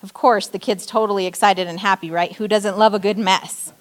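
Female church speaker, short sermon, story-driven and animated in quoted lines. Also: mid-range voice, fairly quick. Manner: storytelling, acting out quoted outbursts. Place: church stage.

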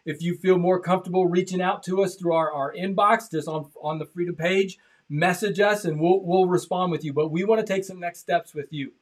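A man's voice: sits high, steady tone, fairly quick. Passionate male pastor preaching. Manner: passionate, repeats phrases, swings from loud to hushed. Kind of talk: sermon. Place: church.

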